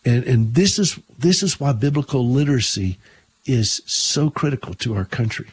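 A man's voice: medium pitch, animated, moderate pace, husky. A middle-aged man hosting a Christian radio talk show, telling stories and preaching earnestly, often repeating words when emphatic.

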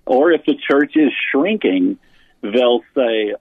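This guest, an author and pastor, speaks slowly in a medium-pitched, expressive voice with a breathy edge during an interview on church leadership. The phone-line-sounding audio has no room sound, and he earnestly explains his views, often restarting sentences.

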